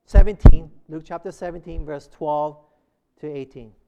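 A man's voice: a little high, normal speed, vocal fry, mellow. A man preaching a sermon as a pastor, emphatic and asking the congregation rhetorical questions.

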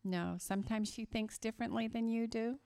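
A woman from West Virginia giving a children's sermon at church, telling a story slowly and emphatically to the kids. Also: on the high side, steady tone, a little mellow.

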